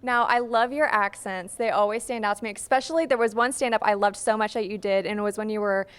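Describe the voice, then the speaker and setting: A woman's voice: medium pitch, fast talker, clear, resonant tone. A young woman interviewer asking enthusiastic questions and laughing often. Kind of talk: casual interview.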